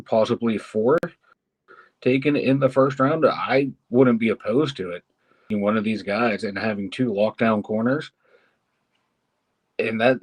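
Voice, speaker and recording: A man's voice: lowish voice, rough recording. A man co-hosting a casual live stream, rambling with fillers and sometimes sarcastic. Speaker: co-host.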